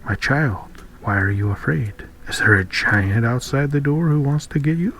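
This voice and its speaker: A man's voice: mid-range voice, lively intonation, moderate pace, fairly bright tone, voice pushed up. A man voicing a concerned, fatherly old king in a storybook.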